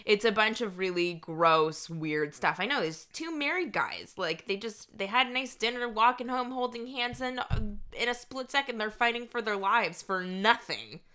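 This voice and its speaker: A woman's voice: mid-range voice, lively intonation, normal speed, hardly any pauses, bright, forceful tone, clear, resonant tone. A woman comedian co-hosting a podcast, talking casually with lots of fillers and restarts. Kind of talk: casual chat.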